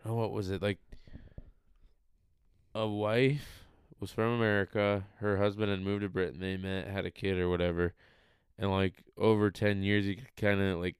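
A man's voice: fairly low pitch, little pitch movement, normal speed, clean tone, no echo, studio quality. A man co-hosting a casual podcast, loose and agreeable, peppering his talk with "like" and "whatever". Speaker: podcast co-host.

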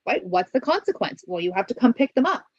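A woman's voice: fairly high pitch, very animated, fast, dry recording, dull audio. A woman giving parenting advice in an interview, earnest and coaching, asking many rhetorical questions and checking in with "right?". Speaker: parenting expert guest.

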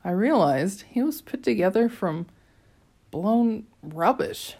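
A woman's voice: mid-range voice, lively intonation, takes it slowly, dark tone, husky. A woman reading an audiobook chapter aloud, telling it in the first person with a dry, wry tone. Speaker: audiobook narrator. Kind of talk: scripted narration.

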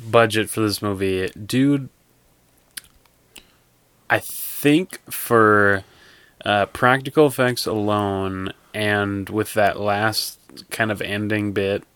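A man's voice: fairly low pitch, steady tone, slow, fairly bright tone, clean tone, no echo. A man co-hosting a casual movie review podcast, laughing often and rambling with self-deprecating jokes. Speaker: podcast co-host.

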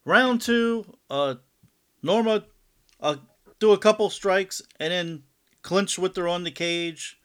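A man's voice: high-pitched, slow, a bit bright, smooth. A man co-hosting a fight podcast, recapping bouts in a laid-back, loosely phrased way with frequent laughs. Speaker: podcast co-host. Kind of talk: casual sports chat.

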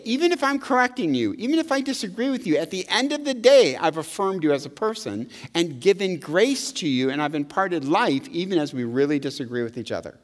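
A middle-aged male pastor preaching a conversational, animated sermon, often checking in with "right?". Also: sits high. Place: church sanctuary. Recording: long hall reverb.

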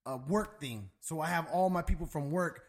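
A man's voice: fairly high pitch, moderate pace. A young adult man telling a long story in a loose, profane, casual chat, dropping "bro" and "dude" constantly.

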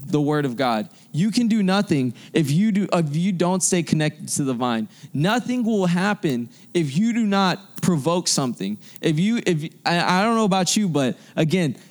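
A man's voice: on the high side, very animated, moderate pace, few pauses. A young adult man preaching a sermon to a youth group, fervent and repetitive, restarting phrases for emphasis.

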